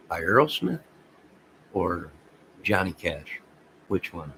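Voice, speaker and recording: A man's voice: low voice, measured pace, fairly bright tone, a little hiss or hum, rough recording. A man hosting a casual livestream, rambling and talking straight to his viewers. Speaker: livestream host.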